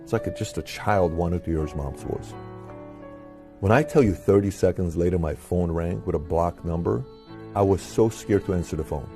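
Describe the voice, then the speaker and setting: A man's voice: deep voice, moderate pace. A man telling a personal story with feeling. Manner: emotional, animated retelling. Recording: speech over music.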